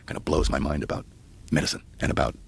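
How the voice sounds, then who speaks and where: A man's voice: rumbling low, fast, creaky, husky. A man, a podcast guest, telling a story in casual chat and acting out the people in it. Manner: animated storyteller who acts out the people in his stories.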